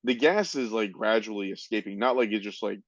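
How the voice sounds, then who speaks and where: A man's voice: fairly low pitch, a little fast, no echo. Man, podcast co-host, easygoing, thinks aloud, dry, dull lo-fi audio. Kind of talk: casual history chat.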